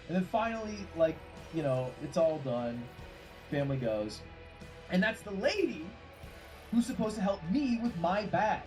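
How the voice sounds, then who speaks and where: Animated, swearing man telling a story. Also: high voice, normal speed, soft background music. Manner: animated and profane. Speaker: streamer. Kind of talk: casual storytelling.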